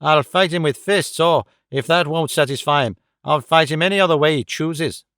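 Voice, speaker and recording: A man's voice: on the high side, normal speed, fairly bright tone, smooth, no echo, studio quality, pitched above the performer's own voice. A man voicing a cocky, brash young criminal in an audiobook. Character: cocky young male coiner and tough.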